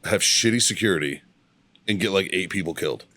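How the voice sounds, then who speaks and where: A man's voice: sits low, fairly quick, bright, forceful tone. A man co-hosting a podcast, talking bluntly and mockingly with heavy swearing. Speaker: podcast co-host. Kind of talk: casual chat.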